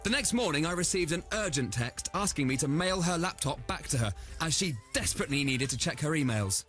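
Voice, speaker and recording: A man reading short listener stories aloud with a bouncy, animated voice that rides a fairly high pitch. He sounds amused at the material. Soft music plays faintly under him in the studio. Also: fairly quick. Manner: lively, amused storytelling read.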